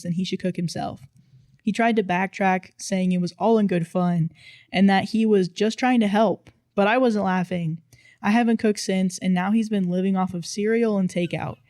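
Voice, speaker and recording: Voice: mid-range voice, steady tone, moderate pace, a little mellow, dry recording. Casual storytime reader, mid voice, dry playful delivery, no room sound at all. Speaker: storytime narrator reading online posts.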